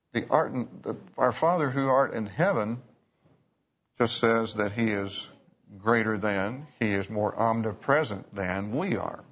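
A man's voice: fairly low pitch, breathy edge. A man preaching a sermon, telling stories in a folksy way with restarts and asides. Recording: dull lo-fi recording.

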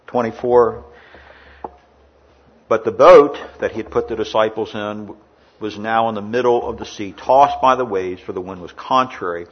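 A man preaching a sermon in a church, rising loud in the story and dropping quiet for asides. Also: lowish voice, normal speed, muffled recording. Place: indoor air-conditioned church.

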